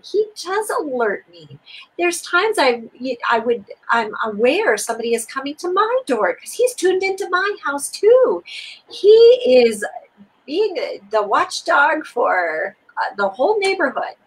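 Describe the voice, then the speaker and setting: A woman co-hosting a spiritual teaching conversation walks the listener through steps in an expressive, soothing, repetitive manner. Her voice is slightly husky with widely swinging pitch, and the audio is poor.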